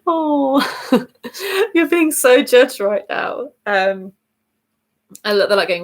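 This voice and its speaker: A woman's voice: fairly high pitch, lively intonation, slow pace, long pauses. Chatty woman giving a tarot reading. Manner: chatty and bubbly, laughing often, self-correcting. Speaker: tarot reader. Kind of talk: casual weekly tarot reading video.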